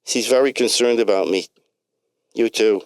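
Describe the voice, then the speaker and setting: A man's voice: on the low side, moderate pace, clear, resonant tone, no echo, clean studio sound, voice pushed up, natural voice. A man voicing a fussy, talkative male doctor with a heavy New York accent, stammering and restarting as he chatters. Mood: brisk. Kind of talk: comic storybook reading.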